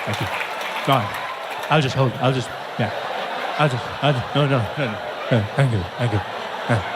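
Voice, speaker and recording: A man's voice: medium pitch, moderate pace, big-room sound, a loud crowd, very noisy. A man doing stand-up comedy, telling stories animatedly and asking rhetorical questions. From South Africa. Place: comedy stage before a live audience.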